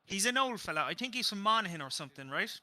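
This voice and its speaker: A man's voice: high-pitched, sing-song, very fast, bright, forceful tone, dry recording. A man co-hosting a football watch-along, chatting and telling stories between plays and swearing. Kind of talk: live match watch-along chat.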